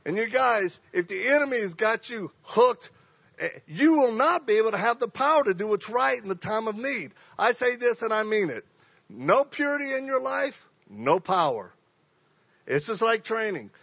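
A man preaching a sermon, telling stories and acting out voices, swinging from quiet to loud. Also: high voice, very animated, normal speed, vocal fry, husky, no echo, dull audio.

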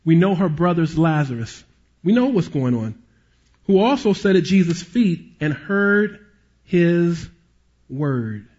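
Guy preaching, husky kinda high voice, muffled lo-fi recording, tells stories big then goes real quiet. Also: unhurried. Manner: animated storyteller, drops to hushed tones for emotional moments. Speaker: pastor and police chaplain. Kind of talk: sermon with storytelling.

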